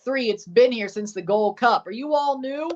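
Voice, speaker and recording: A woman's voice: fairly high pitch, animated, normal speed, a little mellow, dull audio. A woman doing casual play-by-play of a football match on a livestream, calling the action and sassily answering her chat. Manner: sassy, talks back to chat. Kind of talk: watchalong play-by-play and chat replies.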